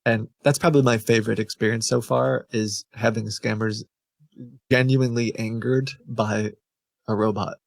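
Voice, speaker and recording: A man explains his work in relaxed conversation. He pauses and restarts as he thinks. His voice carries a gravelly fry, and the sound is dry and close. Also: lowish voice, no room sound. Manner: thoughtful, hesitant, with restarts. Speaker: guest, scam-baiting creator. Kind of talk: casual explanatory chat.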